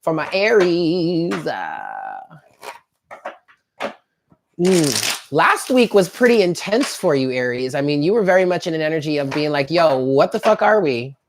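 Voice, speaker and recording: A woman's voice: sits low, sing-song, a little slow, noisy background. A woman giving a chatty live tarot reading, talking straight to her viewers in an upbeat way. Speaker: tarot reader.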